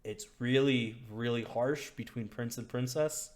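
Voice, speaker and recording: A man voicing a calm, kindly male cult leader in a tabletop game, speaking in an easygoing, reassuring way. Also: mid-range voice, unhurried, natural voice.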